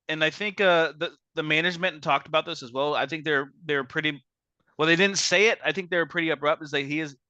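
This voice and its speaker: Bright-voiced man on a dull dry mic. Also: medium pitch, no echo. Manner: measured, opinionated, many restarts. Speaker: podcast host. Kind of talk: casual sports podcast chat.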